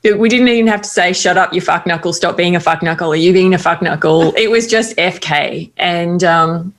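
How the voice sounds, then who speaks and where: A middle-aged woman with an Australian accent talks in a fairly low voice. She tells a personal story candidly in relaxed conversation, with quick asides. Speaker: guest. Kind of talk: casual conversation.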